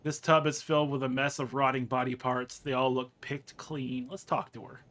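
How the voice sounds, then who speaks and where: A man's voice: mid-range voice, moderate pace. A man playing a role-playing game, reading its text aloud and joking in casual commentary. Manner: excitable, swears, reads game text aloud. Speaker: gaming streamer.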